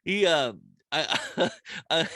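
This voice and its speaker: A young man hosts a podcast in a casual chat, telling stories with lots of laughter and swearing. His voice sits a little high and swings widely in pitch. The sound is dry and close. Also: very slow, dry recording. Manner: animated storyteller, swearing, laughing often. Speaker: podcast host.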